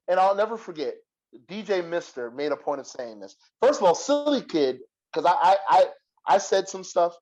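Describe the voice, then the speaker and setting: A man's voice: a little high, a little mellow, highs cut off. A man telling a heated story in casual podcast chat, cursing freely and acting out what he said back then. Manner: profane, heated retelling with quoted dialogue.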